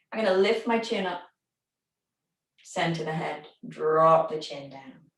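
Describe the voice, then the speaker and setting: Calm woman guiding gentle stretches, echoey. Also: on the low side. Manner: calm, gentle step-by-step instructions. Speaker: recovery class instructor. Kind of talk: guided gentle exercise class. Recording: echoey room, voice from far off.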